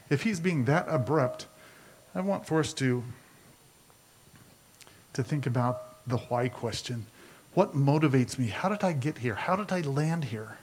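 A man's voice: mid-range voice, lively intonation, measured pace, pauses often, slight background noise. A man preaching a sermon as a pastor, talking conversationally and asking his listeners rhetorical questions.

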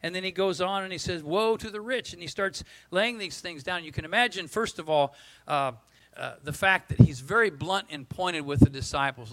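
A gravelly-voiced man in his sixties delivers a lively, joking sermon, his voice sitting a little high for a man. He slips into the voices of the people in his stories as he preaches. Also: normal speed, poor audio. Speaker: pastor. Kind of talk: storytelling sermon.

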